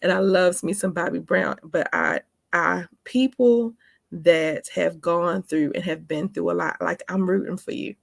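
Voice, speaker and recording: Woman in her 40s, casual vlog storytelling, gravelly voice, dry close sound, emphatic and chatty. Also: fairly low pitch, measured pace, no echo. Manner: chatty, emphatic, speaks to viewers as "honey" and "baby". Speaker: vlogger.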